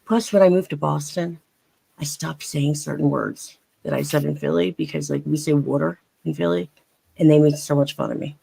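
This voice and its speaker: A woman's voice: low voice, fairly even intonation, normal speed, gravelly, mellow, breathy edge, dry recording, rough recording. A woman with a faint Philadelphia accent, chatting as a panelist in a rambling, chatty way with many restarts. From Philadelphia area. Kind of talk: casual chat.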